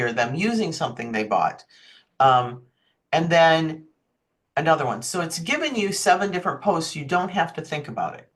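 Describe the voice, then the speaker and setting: A woman giving an online marketing workshop on a video call, chatty and often checking in with her listeners. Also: deep voice. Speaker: marketing presenter.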